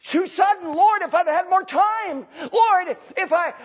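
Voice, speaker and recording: Man doing a regretful dying man, high anguished stammering pleas, dull lo-fi sound. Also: measured pace. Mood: pleading, anguished. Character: regretful man pleading at death. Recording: dull lo-fi recording.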